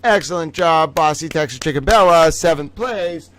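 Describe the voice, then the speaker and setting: A man's voice: fairly high pitch, normal speed, fairly bright tone. A man hosting a casual live-stream trivia game, playful and chatty, laughing often between phrases and chatting to his toys. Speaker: livestream host running a trivia game.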